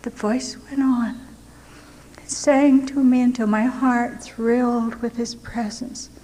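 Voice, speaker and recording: A woman's voice: on the high side, fairly even intonation, slow, warm tone. Earnest older woman telling her story. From United States. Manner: earnest, heartfelt, dropping to near-whispers at tender moments. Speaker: missionary giving a testimony. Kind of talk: emotional personal storytelling. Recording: long hall reverb, faint background hiss.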